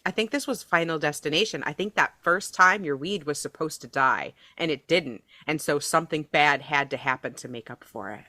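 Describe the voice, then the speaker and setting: A woman's voice: deep voice, brisk, hardly any pauses, bright, forceful tone, dry recording, clean studio sound. A woman co-hosting a podcast in casual chat, sympathetic and teasing, who laughs often. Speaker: podcast co-host.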